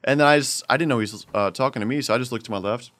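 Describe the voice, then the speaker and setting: Man, casual storyteller, animated, acts out voices, bright forceful tone. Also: medium pitch, racing. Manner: animated, acts out every voice, laughs often. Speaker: podcast host telling a story.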